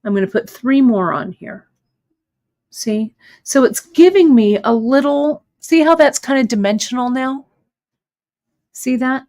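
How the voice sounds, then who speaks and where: Slow, patient woman teaching a craft. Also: fairly high pitch. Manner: patient, step-by-step, checks in with "okay?". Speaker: host demonstrating bead embroidery. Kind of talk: live craft tutorial.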